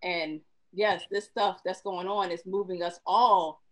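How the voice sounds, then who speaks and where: A woman therapist talks on a panel, emotional and choked up. Her voice sits a little low, and she speaks earnestly and openly. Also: steady tone, unhurried, rough recording. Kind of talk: panel discussion.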